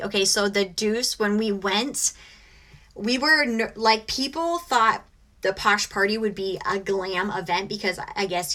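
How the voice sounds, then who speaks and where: An exhausted American woman in her thirties hosts a reselling live stream, chatting casually and emotionally with viewers and saying she's close to tears. Her medium-pitched voice is bright and forceful.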